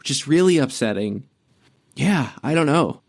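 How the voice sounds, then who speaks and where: Slow-talking enthusiastic podcast man. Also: mid-range voice, lively intonation, gravelly. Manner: enthusiastic, loose, fillers. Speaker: podcast co-host. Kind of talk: casual music chat.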